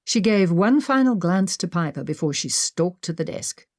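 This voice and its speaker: A woman narrating a mystery audiobook with expressive storytelling. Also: lowish voice, moderate pace, dry recording, clean studio sound. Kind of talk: scripted narration.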